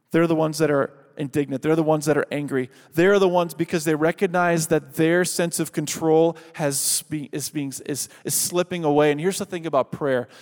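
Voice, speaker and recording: A man preaching a sermon, earnest and building to loud calls, then leading a prayer. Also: fairly high pitch. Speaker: pastor. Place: church sanctuary. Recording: reverberant hall.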